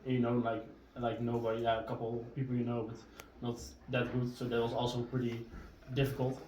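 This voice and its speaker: A young man from the Netherlands, a native Dutch speaker, answering interview questions in a halting way with many fillers and restarts. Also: medium pitch, monotone, darkish tone, a little hiss or hum. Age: young adult. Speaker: exchange student guest. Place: home during a live blog-cast. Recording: roomy sound from a distance.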